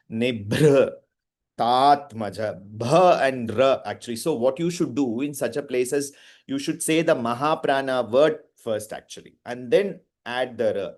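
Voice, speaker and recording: A man's voice: medium pitch, unhurried, darkish tone. A man teaching Sanskrit pronunciation, drilling verses syllable by syllable with short explanations. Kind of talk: pronunciation lesson, call-and-repeat recitation.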